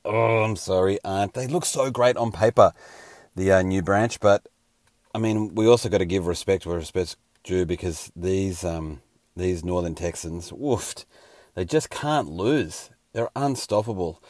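A man's voice: sits low, darkish tone, no room sound, studio quality. A man hosting a casual sports round-up, a little scratchy and hungover, with wry joking asides. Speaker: host.

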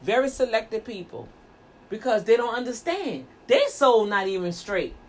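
High-voiced woman preaching emphatically. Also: sing-song, moderate pace. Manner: emphatic, rhetorical questions, repeats words. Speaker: minister and show host. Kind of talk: preaching talk.

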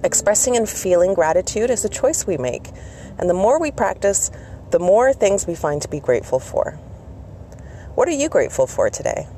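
A woman's voice: mid-range voice, very animated, normal speed, warm tone, a little hiss or hum. A woman from Canada hosting a self-care vlog, talking in an encouraging, chatty way with small asides. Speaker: self-care vlogger and host. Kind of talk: casual motivational talk.

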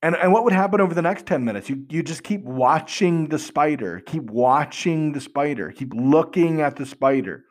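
A man's voice: on the high side, expressive, normal speed, hardly any pauses. A man hosting a podcast, explaining earnestly with rhetorical questions and frequent restarts. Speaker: podcast host.

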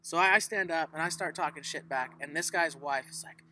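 A man's voice: fairly high pitch, steady tone, a little fast, few pauses, background noise. A man co-hosting a casual sports talk show, telling stories with plenty of swearing. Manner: profane, storytelling, emphatic. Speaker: podcast co-host.

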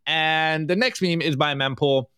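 Man, co-host, joking around, smooth clear voice, slightly high, dry close mic. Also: unhurried, dry recording. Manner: animated, jokey, reads memes aloud with laughs. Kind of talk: casual podcast chat, reviewing memes.

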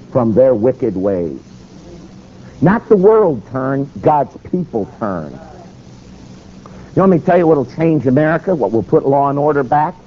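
A man preaching a sermon, telling a story and quoting scripture, with sharp rises and drops. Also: medium pitch, muffled recording, a little hiss or hum.

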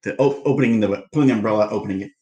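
A man co-hosting a casual movie chat, talking quickly and eagerly, stumbling over repeated words as he starts a point. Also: on the low side, mellow, roomy sound. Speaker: podcast co-host.

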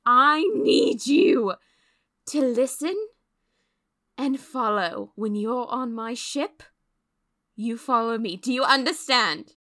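A woman voicing a blunt, weary female ship captain who makes dry, deadpan threats in a tabletop game. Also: a little high, takes it slowly, pauses often. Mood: commanding. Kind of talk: in-character tabletop play.

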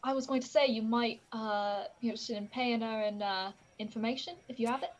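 A woman playing a tabletop game, making animated, joking asides. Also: a little high, brisk, highs cut off. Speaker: player.

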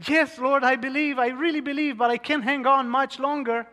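A man's voice: big pitch swings, moderate pace, pushed and bright, full character voice. A preacher acting out a panicked man clinging to a branch. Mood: pleading. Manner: pleading, high and strained. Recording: long hall reverb.

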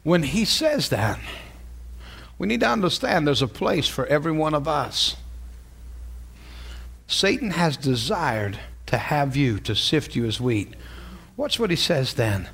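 A man preaching a sermon as pastor, asking his congregation questions and swinging from slow, soft passages to loud, emphatic ones. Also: a little high, vocal fry, slightly rough. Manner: animated, rising from soft and slow to loud and emphatic, laughing asides.

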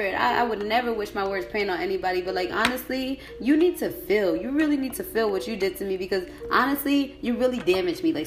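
A young woman hosting a podcast, reading an article aloud and breaking into a profane, emotional rant that climbs to furious shouting. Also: mid-range voice, roomy sound. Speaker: podcast host.

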